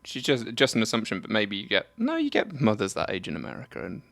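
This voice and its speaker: This is a man from South Africa co-hosting a casual chat, with a fairly low voice recorded close and dry. He drops wry, doubtful remarks in an easygoing way. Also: wildly swooping pitch, fast talker, creaky, fairly bright tone, no room sound. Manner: dry, skeptical asides. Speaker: podcast co-host.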